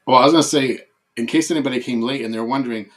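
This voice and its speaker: A man's voice: mid-range voice, very fast. A man chiming in on a casual chat with dry jokes. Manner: dry joking interjections. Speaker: producer.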